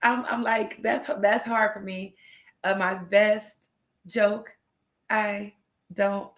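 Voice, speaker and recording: A woman's voice: mid-range voice, flat delivery, takes it slowly, fairly bright tone. Woman, livestream host, casual chat, chatty, laughs a lot. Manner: chatty, laughs often, greets viewers by name.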